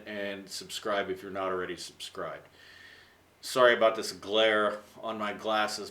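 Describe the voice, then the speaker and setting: Middle-aged male English teacher, rambling and casual, bright edge, distant roomy sound. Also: on the low side. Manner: rambling, chatty, many fillers. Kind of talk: casual video lesson. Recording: echoey room, voice off-mic.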